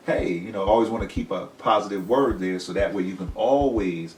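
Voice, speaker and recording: A man's voice: sits low, a little fast, a little mellow. A man co-hosting a podcast in casual chat, earnest and encouraging, full of "you know"s. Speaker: podcast co-host. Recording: roomy, far from mic, light noise.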